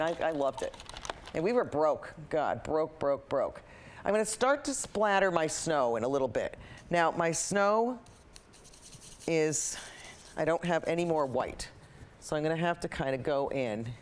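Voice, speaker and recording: A woman's voice: sits low, a little hiss or hum. A middle-aged woman with a cold teaches a painting lesson in a rambling, talkative way, with self-mocking asides. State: has a cold. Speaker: painting instructor.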